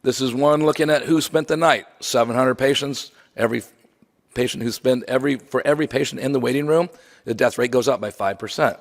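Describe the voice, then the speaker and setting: A man's voice: mid-range voice, a little fast, creaky. A man giving a memorial lecture from slides, conversational with wry asides. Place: lecture hall. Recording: long hall reverb.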